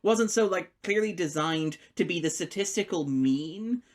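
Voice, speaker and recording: Animated, laughing male film critic. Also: sits high. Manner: animated, laughs often, acts out quotes in quick asides. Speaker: podcast co-host, film critic. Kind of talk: casual podcast chat.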